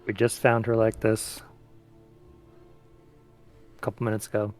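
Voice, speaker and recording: A man playing a tabletop game, reasoning calmly in character. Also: lowish voice, a little slow, faint music behind. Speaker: player.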